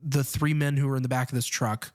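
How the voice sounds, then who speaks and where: A man co-hosting a casual film podcast, recapping the plot in an even way with frequent ums and uhs. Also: medium pitch, a little fast. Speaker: podcast co-host.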